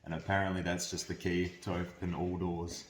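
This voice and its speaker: A young man chatting casually off camera, talking in a quiet, offhand, mumbled way. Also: sits low, little pitch movement, brisk, slight background noise. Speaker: friend off camera. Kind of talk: casual chat. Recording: roomy, distant from the mic.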